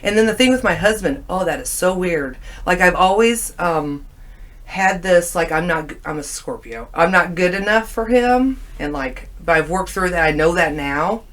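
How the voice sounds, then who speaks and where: A woman's voice: lowish voice, normal speed. Chatty woman telling dream stories. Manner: animated storyteller, acting out quoted lines. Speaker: guest. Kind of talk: casual chat.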